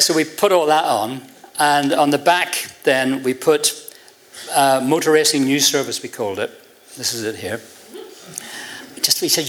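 A man's voice: a little high, unhurried. An older man with an Irish accent, telling a long anecdote as an interview guest in front of an audience, acting out the voices of the people in his story with a laugh in his voice. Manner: animated, acts out quoted voices with a laugh in his voice.

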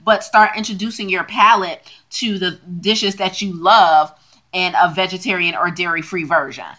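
Lower-pitched woman, emphatic podcast host. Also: normal speed. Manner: lively, emphatic, talks in long runs. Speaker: podcast co-host and health coach. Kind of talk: casual chat and show promotion.

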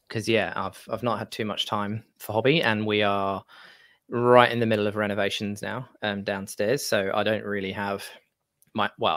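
Lower-voiced man, bright and dry. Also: dry recording. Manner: rambling, relaxed, laughs easily. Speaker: podcast co-host. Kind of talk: casual chat.

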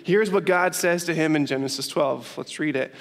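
A young man, a youth pastor, preaching a sermon and telling stories with lively emphasis and frequent laughs. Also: fairly high pitch, normal speed, vocal fry. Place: church hall with long reverb. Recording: reverberant church hall.

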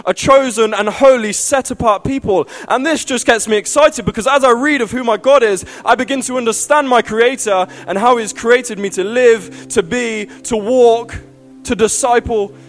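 Male preacher with a high voice, passionate sermon delivery that swells into loud pleading peaks, faint music underneath.

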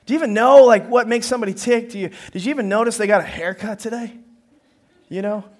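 Man preaching a sermon, high-pitched voice, animated storytelling, acts out the dialogue. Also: fast talker. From northern United States. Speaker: pastor.

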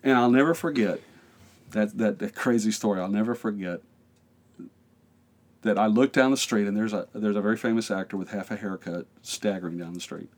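A man with a low voice tells a story in a podcast interview, full of energy. He acts out the voices of the people in it and laughs as he goes. He is an American pastor in middle age. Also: a little fast.

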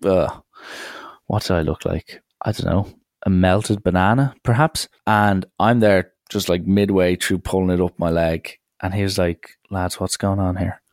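Young man with a deep, gravelly voice, dry and close, casual rambling anecdote. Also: unhurried, darkish tone, no room sound. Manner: wry, rambling storytelling with acted quotes. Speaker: storyteller.

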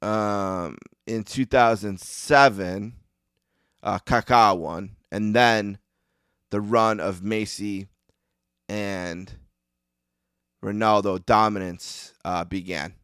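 A man with a Western New York accent hosts a sports podcast on his own, rambling and poking fun at himself between ums and uhs. His voice is smooth and clear and sits a little low. He is recorded dry and close, with no room sound. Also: steady tone, takes it slowly, long pauses, fairly bright tone, dry recording. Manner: rambling, self-deprecating, frequent ums and uhs. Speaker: podcast host. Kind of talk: casual solo monologue.

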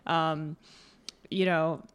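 A woman's voice: sits low, little pitch movement, extremely slow, clean tone. A woman co-hosting a podcast, giving blunt, emphatic opinions with the odd swear. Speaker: podcast co-host. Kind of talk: casual chat.

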